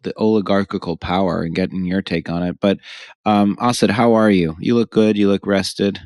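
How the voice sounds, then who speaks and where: A man with a low voice hosts a business podcast in a casual, joking way. He hands out frank advice between teasing remarks. The sound is close and dry. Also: steady tone, normal speed, a little mellow, no room sound. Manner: joking, offers blunt unsolicited advice. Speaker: podcast host.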